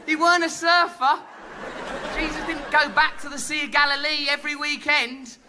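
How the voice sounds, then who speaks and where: On a comedy stage before a live audience, an English-accented man performs a theatrical, flamboyant, mock-grandiose stand-up routine. His voice is extremely high with little pitch movement, and he speaks at a moderate pace. Crowd noise and other background noise are audible.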